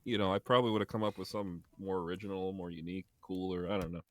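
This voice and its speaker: A man's voice: sits low, fairly even intonation, very fast, fairly bright tone, no echo. A man speaking as a guest on a video call interview, wry and self-deprecating, often laughing at himself. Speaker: guest streamer. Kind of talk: casual interview chat.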